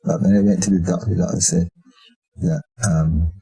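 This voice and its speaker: An older man with a Barbadian accent, an interview guest telling stories in a lively way and acting out the voices of people in them. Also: low voice, normal speed, slightly rough, rough recording. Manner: animated, acts out voices in his anecdotes. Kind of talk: storytelling chat.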